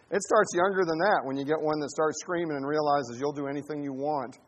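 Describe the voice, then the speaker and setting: Animated high-voiced man preaching. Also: fairly quick, slight background noise. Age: 40s. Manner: humorous, animated storytelling, rising to emphatic preaching. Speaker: pastor. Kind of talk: sermon.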